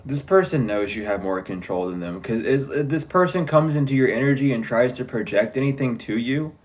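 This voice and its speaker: A man reads tarot in a loose, casual way. He talks bluntly, jokes around and swears freely, all at an ordinary middle pitch. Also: lively intonation, a little fast. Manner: blunt, profane, joking. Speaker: tarot reader. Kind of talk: casual spiritual reading.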